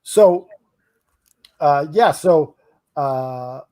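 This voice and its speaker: Chatty man with a higher voice. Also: expressive, mellow. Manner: chatty, hesitant, quick to laugh. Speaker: podcast co-host. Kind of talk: casual podcast chat.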